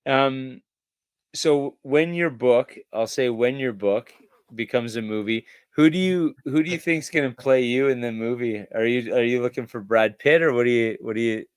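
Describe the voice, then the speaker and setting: A man hosting a casual podcast, throwing out jokey, playful questions. His voice is smooth and clear, and it is recorded dry and close, with no room sound. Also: medium pitch, moderate pace, dry recording. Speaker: podcast host. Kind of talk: casual interview chat.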